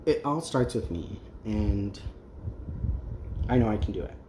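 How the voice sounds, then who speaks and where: A man hosting a crafting channel speaks in a fairly low, unhurried voice as he works. He chats casually and candidly with many ums and restarts, and the recording has a roomy echo and faint background noise.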